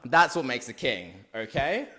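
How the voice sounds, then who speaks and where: Tipsy young male storyteller, slangy and rambling, average pitch. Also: sing-song, a little slow, roomy sound. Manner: rambling, slangy, loud asides. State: drunk. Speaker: comic storyteller. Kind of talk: casual comic retelling of a play.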